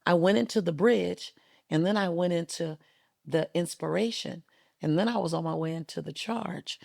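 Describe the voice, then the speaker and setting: Gravelly, emphatic woman telling stories. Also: fairly low pitch, moderate pace, no room sound, clean studio sound. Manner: emphatic, rhythmic, animated storytelling. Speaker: guest, motivational speaker. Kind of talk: storytelling interview talk. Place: podcast studio.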